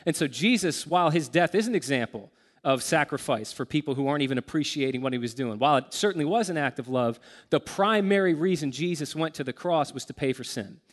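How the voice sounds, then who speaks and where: Male pastor preaching, earnest and emphatic, slightly high voice, long hall reverb. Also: expressive. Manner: earnest, emphatic, slows down to stress key words. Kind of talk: sermon.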